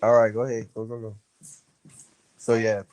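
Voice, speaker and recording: A man's voice: lowish voice, monotone, normal speed, darkish tone, dry recording. A man with an American accent, a boxer chatting casually and slangily as a guest over a remote call. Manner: laid-back, slangy, "you know what I'm saying" fillers. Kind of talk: casual chat.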